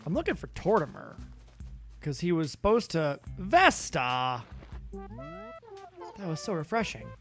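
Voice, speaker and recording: A man's voice: fairly high pitch, wildly swooping pitch, slow, pauses often, a bit bright, soft background music. A tired man rambling through casual gameplay commentary on a stream, goofy and profane, talking mostly to himself. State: tired, yawning.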